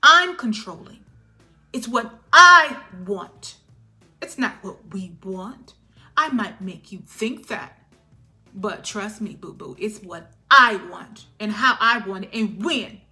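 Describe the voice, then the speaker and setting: A woman's voice: mid-range voice, expressive, slow pace, bright, forceful tone, faint music behind, full character voice. A woman voicing a controlling, manipulative past lover who taunts and whispers her confessions. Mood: taunting. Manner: taunting, shifts into whispered confessions and fake sweetness.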